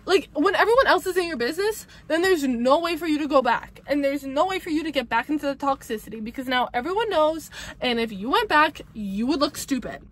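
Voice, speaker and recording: A woman's voice: high-pitched, expressive, fairly quick, a bit bright. A young adult woman giving breakup advice in a casual monologue, blunt, emphatic and profane, repeating herself for emphasis.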